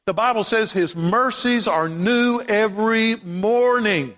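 A pastor with a high, slightly bright voice preaches slowly in a church sanctuary, praying before building into impassioned, emphatic repeated lines. Long hall reverb fills the recording.

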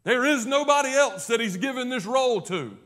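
A man preaching a sermon in a rather high voice. He is emphatic, rising to loud declarations and then dropping to hushed, low passages. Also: animated, fairly quick. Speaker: pastor.

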